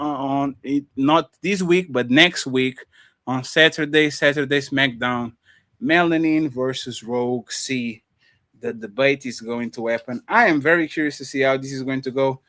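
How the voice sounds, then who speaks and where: A man co-hosting a casual livestream chat, excitable and profane, laughing often. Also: mid-range voice, dry recording, clean studio sound. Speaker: co-host.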